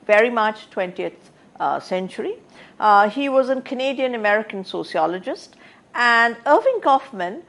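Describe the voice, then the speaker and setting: A woman delivering an academic lecture at a middle pitch. She talks thoughtfully, filling pauses with "uh" and restarting her phrases as she works through each idea. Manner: thoughtful, with frequent "uh" fillers and restarts.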